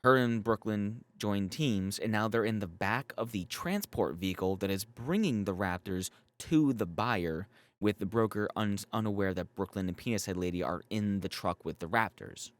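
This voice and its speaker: A man's voice: fairly low pitch, normal speed. A man giving a casual, rambling episode recap as a YouTube reviewer, swearing often and filling with "like". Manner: profane, rambling, full of "like" fillers.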